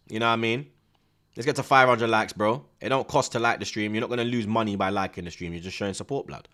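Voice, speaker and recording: Speaking in a lowish voice at a quick clip, a man hosts a live football watchalong, bantering with viewers in heavy street slang and shouting whenever a big chance comes.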